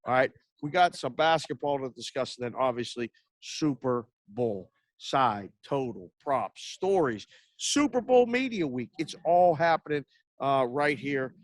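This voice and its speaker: A man's voice: mid-range voice, big pitch swings, unhurried, no echo. A man hosting a sports betting podcast, talking in a rambling, brash, casual way and swearing freely. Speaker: podcast host.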